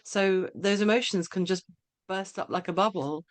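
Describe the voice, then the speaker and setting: A woman's voice: mid-range voice, normal speed, no echo. A woman hosting a podcast interview, agreeable and hesitant, with many fillers and restarts. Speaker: podcast host.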